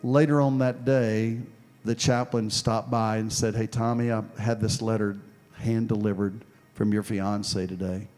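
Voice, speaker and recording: A man preaching a sermon and telling a story from his own past, dropping soft and low, then building to loud, forceful preaching. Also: fairly even intonation, unhurried, soft background music. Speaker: pastor. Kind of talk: sermon with personal testimony.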